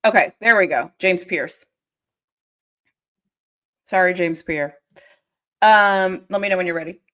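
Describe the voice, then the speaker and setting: A woman's voice: lowish voice, measured pace, sharp tone. A British woman on a casual livestream, giggling and self-conscious as she reads out a list of picks. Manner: giggly, self-conscious, laughs between words. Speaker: guest reading mock draft picks.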